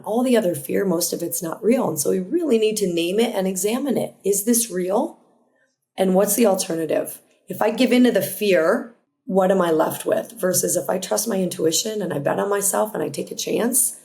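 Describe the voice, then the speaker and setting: A woman hosting a solo motivational podcast, talking earnestly and reflectively, often restarting a phrase or adding a quick aside. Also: mid-range voice, gravelly, darkish tone. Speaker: podcast host.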